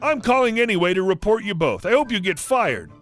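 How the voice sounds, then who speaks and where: A man voicing a shrill, entitled, angry middle-aged woman customer who makes indignant demands. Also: sing-song, brisk, a bit bright, faint music behind. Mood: huffy.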